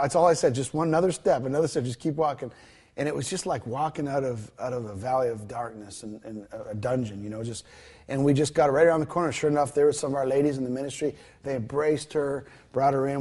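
A man's voice: medium pitch, mellow, husky. A man telling a ministry story in a conversational interview, retelling the dialogue with many fillers and restarts. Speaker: guest telling a ministry testimony.

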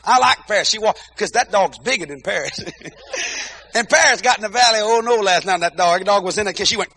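A male preacher with a high, bright, gravelly voice tells comic stories from the pulpit. He is animated and keeps breaking into shouted exclamations and bursts of praise. His tone has a sharp, lively edge. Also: fast talker, slight background noise. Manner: peppers talk with praise interjections. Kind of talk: comic storytelling sermon.

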